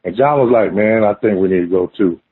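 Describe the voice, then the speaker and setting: Man, casual storytelling, animated, swearing, "man" often, phone-line audio. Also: fairly low pitch, fairly quick. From Oklahoma. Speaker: guest telling an encounter story.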